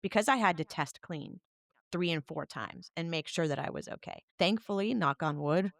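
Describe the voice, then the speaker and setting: A woman's voice: on the low side, expressive, moderate pace, vocal fry, dry recording, clean studio sound. A woman co-hosting a podcast, frank about personal matters and laughing often. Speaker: podcast co-host. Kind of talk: casual podcast chat.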